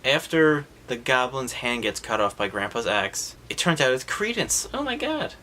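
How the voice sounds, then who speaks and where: Sarcastic man recapping a bad movie, bright voice. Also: medium pitch, a little hiss or hum. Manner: sarcastic, animated, mocks scenes with quick put-on voices.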